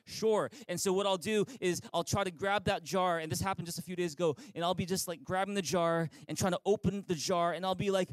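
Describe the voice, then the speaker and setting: A man's voice: sits high, steady tone, a little fast, hardly any pauses, no echo, rough recording. A man preaching as pastor in an online church service, upbeat and inviting, leading listeners in call-and-response. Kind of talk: sermon.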